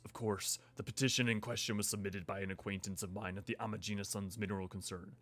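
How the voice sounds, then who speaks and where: A man voicing a pompous, genteel older male merchant who speaks slowly and formally, reading game dialogue aloud. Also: fairly low pitch, fairly bright tone, pitched below the performer's own voice, close to an everyday voice. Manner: slow, formal, grand.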